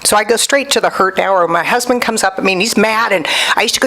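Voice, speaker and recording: Middle-aged woman, talk show guest, animated storyteller, plays out quotes. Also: medium pitch, fast, hardly any pauses, low-quality recording. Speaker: guest, workshop leader. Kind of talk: candid conversational sharing.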